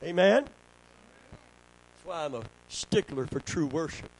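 A man's voice: fairly high pitch, expressive, takes it slowly. A man preaching a sermon, calling for amens and breaking into song. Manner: call-and-response, asks congregation for amens.

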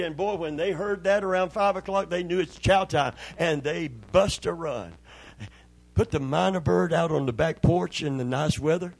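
A man's voice: high voice, expressive, a little slow, vocal fry. An older man preaching a sermon, telling folksy stories and acting out the voices in them. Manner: folksy storyteller, acts out voices in anecdotes. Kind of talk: sermon with storytelling.

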